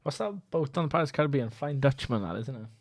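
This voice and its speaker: A young man answers quiz questions on a casual podcast in an easy-going, rueful way. His voice is mid-pitched and sounds dry and close to the mic. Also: very fast, no room sound. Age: young adult. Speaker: podcast co-host, contestant. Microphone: podcast mic on video call.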